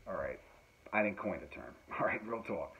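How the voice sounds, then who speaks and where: Low-pitched man, casual rambling talker, home recording, muffled lo-fi sound with light hiss. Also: animated, moderate pace, a bit bright. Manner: rambling, joking, lots of fillers and laughs. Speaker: musician and podcast host. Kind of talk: casual chat. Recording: dull lo-fi sound with faint noise.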